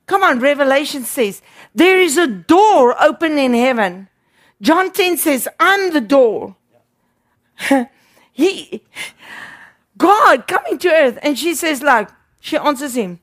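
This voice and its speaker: High-voiced, unhurried woman preacher. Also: big pitch swings. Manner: emphatic, repeating words for stress. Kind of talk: sermon.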